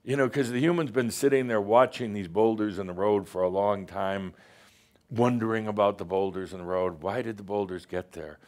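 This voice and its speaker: A man with a lowish voice delivers a channeled spiritual address to a gathered group. He talks emphatically, fires off rhetorical questions, stumbles into restarts and slips in playful asides. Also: steady tone, normal speed. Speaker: spiritual teacher speaking to a live group. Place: gathering room with online audience.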